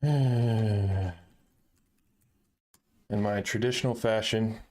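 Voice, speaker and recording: A man's voice: fairly low pitch, extremely slow, a little mellow. A man hosting a casual live stream, laughing often and swearing lightly while he sets things up and talks to his chat.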